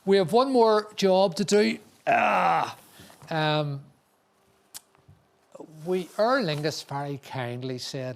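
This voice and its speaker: A man's voice: on the high side, slow, gravelly, long pauses. A man hosting an awards ceremony in a chatty, joking way, often restarting his sentences. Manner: chatty, jokey, with frequent restarts. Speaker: awards event host.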